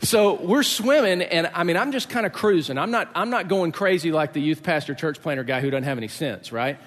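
A middle-aged man preaching a sermon, telling a story in lively fashion, acting out the voices and laughing along. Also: a little high, a little fast, big-room sound. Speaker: pastor.

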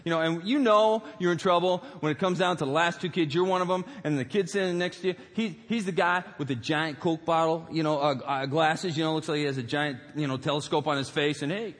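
A man preaching in a large auditorium, his voice carrying a long reverb around the hall. He talks in a somewhat high register and keeps the sermon loose and jokey, full of asides and fillers. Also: fairly bright tone. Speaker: pastor. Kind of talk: humorous storytelling sermon.

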